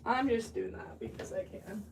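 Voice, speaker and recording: On a distant mic with background noise, a ceramic artist chats casually during her livestream, rambling as she thinks aloud at work. Her mid-range voice is gravelly and moves at a normal speed.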